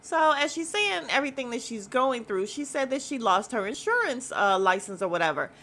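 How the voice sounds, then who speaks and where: A woman's voice: fairly high pitch, big pitch swings, fairly quick, fairly bright tone. A woman hosting a podcast, recapping a reality show in casual chat, blunt and gossipy with slang and cursing, rambling with plenty of fillers. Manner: chatty and rambling, with frequent fillers.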